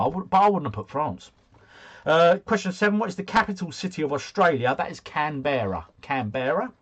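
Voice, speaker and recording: Husky, lively man hosting a quiz. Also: a little high. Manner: chatty, joking asides between questions. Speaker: quiz host. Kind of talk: reading out quiz questions and answers.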